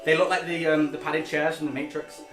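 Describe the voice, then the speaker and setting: A man's voice: on the high side, level tone, brisk. A man running a tabletop game as game master, narrating in a rambling way with frequent fillers. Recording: roomy, with music behind.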